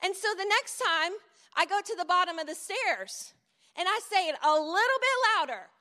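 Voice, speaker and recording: A woman's voice: very high-pitched, animated, normal speed, sharp tone. A middle-aged woman preaching a sermon in a conversational storytelling way, with asides to the audience. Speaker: speaker at a church event. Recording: long hall reverb.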